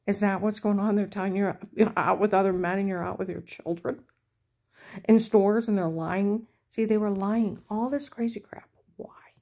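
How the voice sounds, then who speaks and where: A middle-aged woman talks straight to the camera and rambles through her story in an aggrieved, indignant voice. Her tone is warm and mellow, never bright, even when she is fired up. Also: medium pitch, normal speed. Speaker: vlogger.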